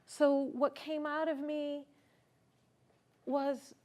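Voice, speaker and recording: A woman's voice: sits high, unhurried. A woman speaking at a conference, telling a personal story in an earnest, reflective way and asking the audience questions. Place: conference stage.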